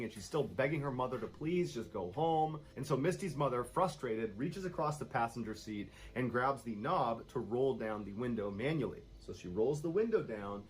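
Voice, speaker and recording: Male narrator for spooky story reads, expressive and animated pitch, steady suspense. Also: slight background noise, low-quality recording. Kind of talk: scripted scary story narration.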